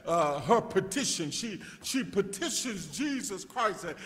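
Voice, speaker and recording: A male pastor preaching a sermon, restarting words in stammering repeats and rising to shouts as he calls out to his congregation. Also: high voice, big pitch swings, unhurried. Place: church sanctuary. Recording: long reverb of a church hall.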